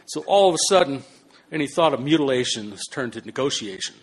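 Brief: older male storyteller, mid-pitched, animated delivery that drops to hushed and bursts loud, casual swearing. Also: fairly quick, slightly rough. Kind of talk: spoken personal anecdote.

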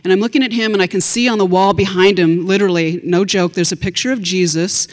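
A woman telling a personal story on stage to an audience, chatty and animated, with asides to the listeners. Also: mid-range voice, fast. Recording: long hall reverb.

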